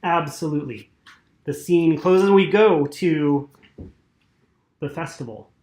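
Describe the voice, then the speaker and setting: A man's voice: fairly high pitch, slow pace, a little mellow. A man narrating as game master for a tabletop game, hesitant with many fillers. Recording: roomy echo.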